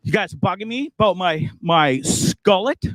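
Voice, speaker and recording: A man's voice: high voice, animated, normal speed, fairly bright tone, no echo. A man hosting his livestream in a casual, profane, joking, rambling way. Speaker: livestream host.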